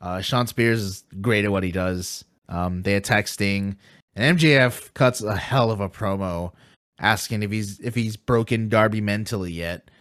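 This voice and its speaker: A man co-hosting a casual wrestling podcast, relaxed and recapping matches in detail. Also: fairly low pitch, moderate pace, dry recording, studio quality. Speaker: podcast co-host.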